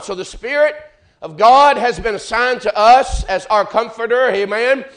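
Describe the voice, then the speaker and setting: A man preaching a fervent sermon in church, building rhythmic refrains and swinging between loud and hushed. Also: very high voice, normal speed. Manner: fervent, rising and falling in volume, repeated refrains.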